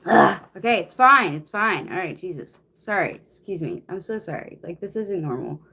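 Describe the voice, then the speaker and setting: A woman's voice: on the low side, expressive, moderate pace, sharp tone, slight background noise. Flustered young woman reading aloud. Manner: flustered, swearing, complains casually. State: out of breath. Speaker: reader. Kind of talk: reading a novel aloud on a stream.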